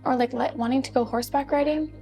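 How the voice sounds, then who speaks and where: Effusive, high-voiced woman medium. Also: fairly even intonation, quick pace, warm tone, soft background music. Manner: effusive and affectionate, calls the sitter babe and my love. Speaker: psychic medium giving a reading. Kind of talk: spiritual reading, relaying messages.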